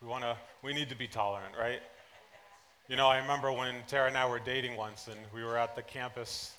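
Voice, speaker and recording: Animated male pastor, bright forceful voice. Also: medium pitch, a little fast. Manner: animated storyteller, swings between soft asides and loud excited bursts. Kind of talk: sermon with personal anecdotes. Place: church service.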